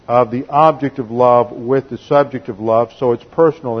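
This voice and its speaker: A man's voice: mid-range voice, highs cut off. Man preaching a methodical Bible lesson. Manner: methodical teaching, reads scripture quotes aloud. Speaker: pastor. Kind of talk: sermon.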